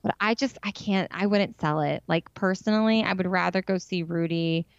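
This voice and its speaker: A woman's voice: lowish voice, moderate pace, clear, resonant tone, dry recording, highs cut off. A woman co-hosting a podcast, chatting casually and frankly about a TV show, with lots of "like". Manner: frank, opinionated, heavy use of "like". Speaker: podcast co-host. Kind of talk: casual chat reviewing a TV show.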